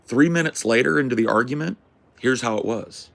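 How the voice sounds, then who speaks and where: A man hosting a podcast, telling a rambling story in a casual, profane, animated way. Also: medium pitch, a little fast, gravelly. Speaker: podcast host.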